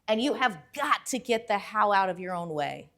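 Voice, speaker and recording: A woman motivational speaker telling a story in a lively way. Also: medium pitch, moderate pace. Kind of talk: motivational talk.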